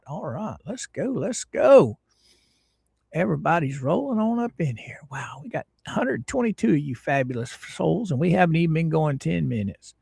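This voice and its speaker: Man, middle-aged, livestream host, folksy chat, lively swooping pitch, gravelly, dry close sound. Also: no echo. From Florida. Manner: folksy, drawn-out greetings, lively ups and downs. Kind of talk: casual livestream chat greeting viewers.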